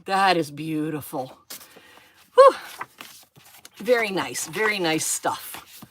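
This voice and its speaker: A middle-aged woman hosting a live craft unboxing, rambling and gushing with gasps and excited exclamations. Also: sits low, slow pace, slight background noise. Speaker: craft channel host. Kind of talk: live-stream unboxing chat.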